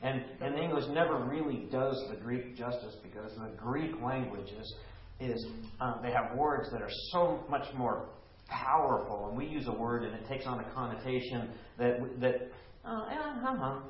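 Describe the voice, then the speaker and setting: Animated man leading a Bible study. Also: mid-range voice, normal speed. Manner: animated, emphatic, asks the group questions. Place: room with a small group. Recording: echoey room, lo-fi.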